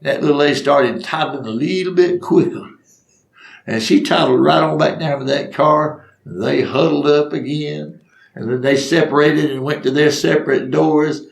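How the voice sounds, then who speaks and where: A man's voice: fairly high pitch, steady tone, normal speed, gravelly, roomy sound. An older man telling funny personal stories in a folksy way, acting out the voices. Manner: folksy, acts out voices, laughs at his own stories. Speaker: storyteller. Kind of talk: humorous personal storytelling.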